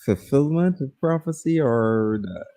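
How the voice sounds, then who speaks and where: A man co-hosting a live stream, chatting casually in a calm, explanatory way and agreeing often. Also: mid-range voice, measured pace, no echo. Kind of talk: casual chat reacting to a video.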